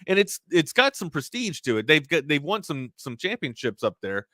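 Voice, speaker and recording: A man with a slight Baltimore accent co-hosts a sports talk show, rambling and animated as he breaks down games. His voice is bright and forceful. It is recorded dry and close on a studio mic. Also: fairly high pitch, moderate pace, no echo.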